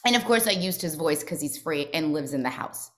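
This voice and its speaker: A woman co-hosting a casual chat, telling stories with animated quoted voices. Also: low-pitched, a little fast, slight background noise. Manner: animated storyteller, acts out quotes. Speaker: co-host.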